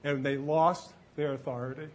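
A man's voice: a little high, level tone, normal speed. A man preaching a sermon to a live congregation in a church, talking casually and quizzing the listeners with questions.

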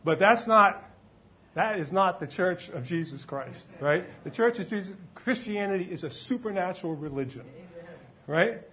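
A pastor preaching a sermon in church, shifting from loud shouts of praise to relaxed, conversational teaching. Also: male voice, high voice, moderate pace.

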